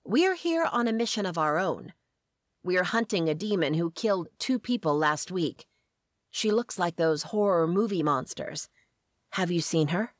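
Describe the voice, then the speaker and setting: A woman's voice: lowish voice, expressive, a little slow, no echo, studio quality. A woman voicing an adult female demon hunter in a storybook reading, speaking in a businesslike way. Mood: brisk.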